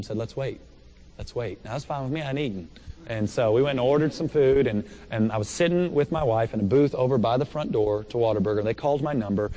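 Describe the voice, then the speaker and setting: A man preaching through a story, animated and laughing often as he acts out the dialogue. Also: medium pitch, slight background noise. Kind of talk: storytelling sermon.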